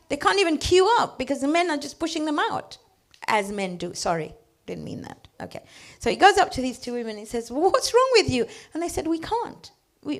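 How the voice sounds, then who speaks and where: A middle-aged woman teaching children, telling stories in a lively way, acting out small voices and checking that the class is following. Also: high-pitched, creaky. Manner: animated storytelling, acts out voices, asks checking questions.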